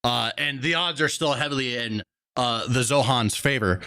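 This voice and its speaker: A man's voice: mid-range voice, moderate pace, sharp tone, clear, resonant tone. A man hosting a reaction stream, giving blunt, profane running commentary.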